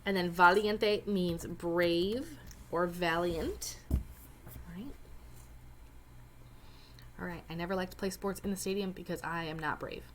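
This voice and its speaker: Slow-talking woman teaching a Spanish lesson. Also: on the low side, fairly even intonation, a little hiss or hum. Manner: explains step by step, with chatty joking asides. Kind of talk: recorded lesson walkthrough.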